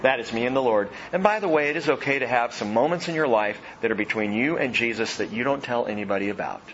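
A man preaching a sermon, animated, swinging from loud emphatic lines to soft hushed ones. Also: medium pitch, quick pace, dull audio, slight background noise. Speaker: pastor.

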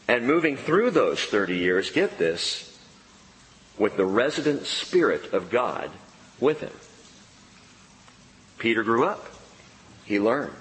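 A man preaching a sermon as pastor, emphatic, dropping his voice low on key words. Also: fairly bright tone. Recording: long hall reverb.

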